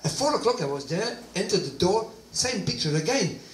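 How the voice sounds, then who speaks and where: A man giving a personal testimony talk, animated storytelling with quoted dialogue, in a hall. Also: sits high, moderate pace, a little hiss or hum. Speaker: guest speaker. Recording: roomy distant hall recording, faint ambience.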